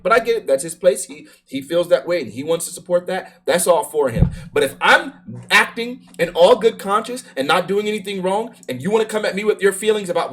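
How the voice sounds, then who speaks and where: Emphatic streamer man, higher voice. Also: animated, brisk, few pauses, fairly bright tone. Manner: emphatic, argumentative, frequent restarts. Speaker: streamer reacting to a video. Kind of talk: casual live-stream commentary.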